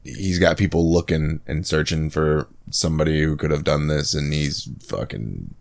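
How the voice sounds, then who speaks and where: A man's voice: very deep voice, normal speed, gravelly. A man co-hosting a podcast, telling stories in loose, profane casual chat. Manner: profane, animated storyteller. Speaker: podcast co-host.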